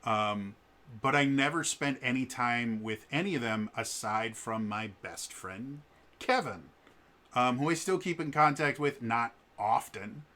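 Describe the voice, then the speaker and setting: Stammering man with a bright tone. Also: medium pitch, lively intonation, measured pace. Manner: hesitant, stammering, with many restarts and fillers. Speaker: vlogger. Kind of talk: casual personal storytelling.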